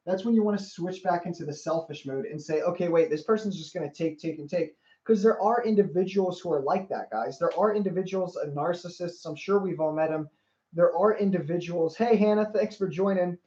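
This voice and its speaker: Earnest higher-voiced male coach on livestream. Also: brisk, mellow. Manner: earnest, repeats phrases, greets viewers by name. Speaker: life coach. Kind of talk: motivational livestream talk. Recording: roomy, slightly dull livestream audio.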